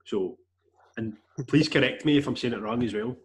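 A man's voice: medium pitch, normal speed, slight background noise. A man hosting a casual podcast chat, teasing and joking with his guests.

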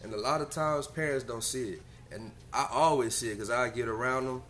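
A man's voice: mid-range voice, brisk, a bit bright. A man hosting his own podcast in a casual solo monologue, talking in a laid-back, slang-heavy way and pressing his advice with emphasis. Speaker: podcast host.

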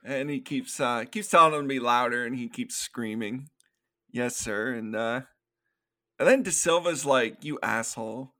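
A man's voice: medium pitch, normal speed, pushed and bright. A man co-hosting a podcast, casually retelling movie scenes and laughing often. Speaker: podcast co-host. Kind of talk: casual movie review chat.

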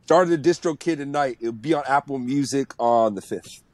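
A man's voice: mid-range voice, normal speed, a little mellow, no echo. A man in his thirties, a music producer guest, giving blunt and profane advice in casual podcast chat.

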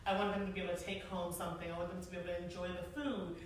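Lively woman in her forties, echoey hall. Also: fairly low pitch, rapid-fire, background noise. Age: 40s. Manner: animated, chatty, laughing often. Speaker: event planner and speaker. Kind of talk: storytelling talk to a live audience. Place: large room with an audience. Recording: echoey room, mic from far off.

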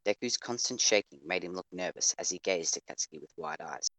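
Deep-voiced male narrator, dry sound. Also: expressive, a little fast, fairly bright tone, dry recording. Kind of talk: scripted audio drama narration. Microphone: home microphone over voice chat.

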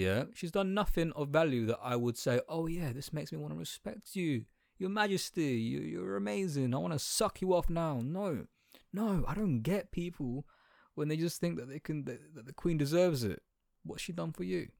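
A man's voice: medium pitch, darkish tone, dry recording, clean studio sound. A young man, ranting sarcastically and bluntly in a slang-heavy monologue.

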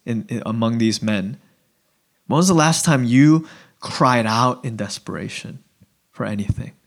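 A man preaching a sermon to a room of people, animated, moving from loud excited bursts to quiet low passages. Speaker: pastor. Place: church hall.

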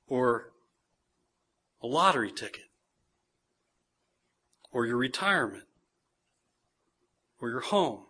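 A man's voice: mid-range voice, sharp tone, slightly rough. A man in his forties preaching a sermon, earnest, repeating phrases for emphasis and checking in with listeners. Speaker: pastor.

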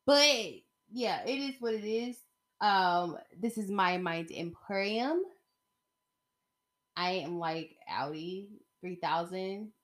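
A young woman hosting her own podcast, chatting casually and animatedly, getting excited as she tells stories. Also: medium pitch, slow. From Atlanta area. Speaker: podcast host. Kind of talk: casual solo podcast chat.

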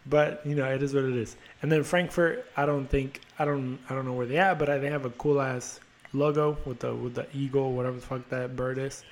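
A man's voice: mid-range voice, flat delivery, fairly quick, few pauses. A young man hosting a podcast, rambling and joking about soccer, swearing and teasing himself. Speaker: podcast host. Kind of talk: casual soccer chat.

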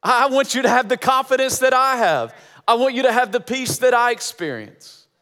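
Male pastor, high voice, emphatic repetitive sermon delivery, hall reverb. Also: animated, normal speed, a bit bright. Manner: emphatic, repeating phrases for effect.

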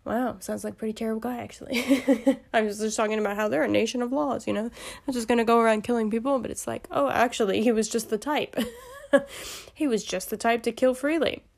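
A woman's voice: a little high, steady tone, brisk, creaky. Woman hosting a chatty Bible study podcast. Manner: reads passages steadily, then breaks into chatty, amused asides. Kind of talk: Bible study reading with casual commentary.

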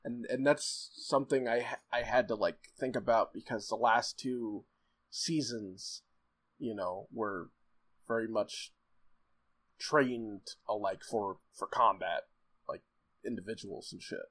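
A man in casual chat, rambling excitedly with frequent laughs and fillers. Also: on the low side, measured pace.

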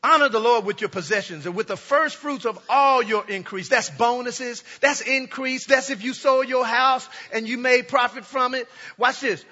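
A man, a pastor, preaching a sermon in church with call-and-response to the congregation and rising shouts. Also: extremely high pitch, normal speed, few pauses, long reverb tail. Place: church sanctuary. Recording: muffled lo-fi sermon recording.

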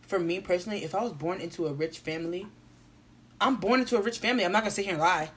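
A woman's voice: fairly low pitch, racing, a bit bright, slightly rough. A young woman co-hosting a casual chat, ranting sarcastically in heavy slang.

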